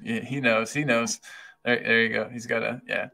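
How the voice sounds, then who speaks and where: A man's voice: mid-range voice, level tone, moderate pace, gravelly, sharp tone. Upbeat man greeting stream viewers. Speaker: podcast co-host. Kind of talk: live-stream chat, reading comments aloud.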